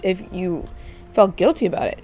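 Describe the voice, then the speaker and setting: A woman voicing a young newlywed husband in a life-sim game, gentle and a bit defensive. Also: on the low side, animated, moderate pace, soft background music, lightly acted. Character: young husband on his honeymoon, earnest.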